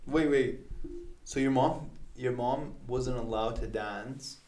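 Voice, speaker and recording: A man's voice: mid-range voice, slow pace, a little mellow, roomy sound, a little hiss or hum. A young man, a barber hosting a podcast, chatting casually with lots of filler words. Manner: laid-back, lots of "like" fillers. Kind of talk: casual chat.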